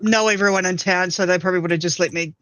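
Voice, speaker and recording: A man chatting casually with a relaxed, dry humor. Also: high voice, quick pace, background noise. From New Zealand. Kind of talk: casual chat.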